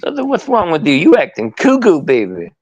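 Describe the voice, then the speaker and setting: A man's voice: a little high, huge pitch swings, moderate pace, darkish tone, dry recording, dull audio, voice pushed up. A man doing a drawling, bossy wrestling legend. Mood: baffled. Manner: drawling, bossy, calls people baby and daddy. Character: drawling male wrestling legend barking orders.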